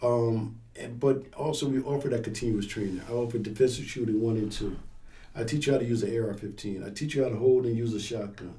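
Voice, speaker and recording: Casual male instructor, mellow tone, animated storyteller. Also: medium pitch, quick pace. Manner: animated, acts out scenarios in quoted voices. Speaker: firearms instructor and pastor. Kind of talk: casual interview talk.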